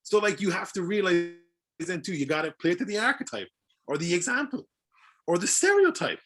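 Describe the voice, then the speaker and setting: Irish guy chatting on a podcast, lively, swears a lot, laughs a lot, bright voice. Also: high-pitched, a little fast, husky. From Ireland. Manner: animated, swears freely, laughs often. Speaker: voice actor guest. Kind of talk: casual podcast chat.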